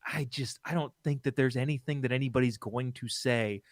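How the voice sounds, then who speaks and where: A man's voice: medium pitch, fairly quick, no echo, clean studio sound. A young adult man, a comedian guest on a political stream, talking casually with many restarts and fillers. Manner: rambling, self-interrupting, hesitant fillers.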